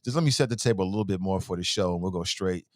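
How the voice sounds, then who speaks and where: A man's voice: sits low, racing, no room sound, clean studio sound. A middle-aged man hosting a casual morning talk show, rambling along and repeating phrases for emphasis. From Cincinnati. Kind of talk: casual live-stream talk.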